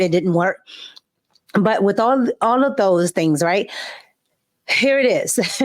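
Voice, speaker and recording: A woman host giving sassy, emphatic opinion commentary in casual slang; her family is Cuban. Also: medium pitch.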